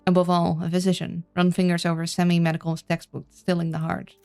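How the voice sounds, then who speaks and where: Gravelly-voiced woman streaming a game. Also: on the low side, completely flat delivery, fast, hardly any pauses, a little mellow, faint music behind. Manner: chatty, playful, stumbles over names. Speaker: let's-play streamer. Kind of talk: casual game playthrough, reading on-screen text aloud.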